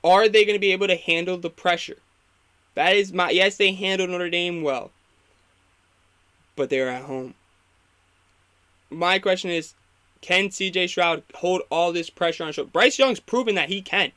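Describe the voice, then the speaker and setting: A man's voice: high-pitched, normal speed, long pauses, pushed and bright, smooth. A young man hosting a casual live football reaction, opinionated and rambling, getting fired up when he critiques the coaching. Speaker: sports talk host.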